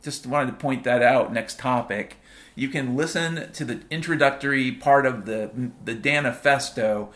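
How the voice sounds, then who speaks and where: A man's voice: medium pitch, moderate pace, fairly bright tone. A man delivering a rambling, playful monologue as a host, full of wordplay and repetition, swearing freely. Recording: piano music playing behind.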